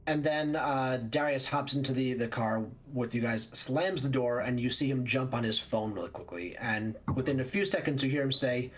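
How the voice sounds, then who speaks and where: A man narrating as game master of a tabletop vampire game, describing action quickly with fillers. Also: medium pitch, faint music behind.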